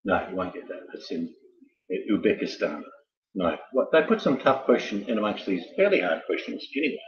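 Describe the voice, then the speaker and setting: A man's voice: low-pitched, sing-song, fairly quick. A man casually hosting a quiz night, full of joking, rambling asides. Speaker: quiz host. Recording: roomy, dull lo-fi sound.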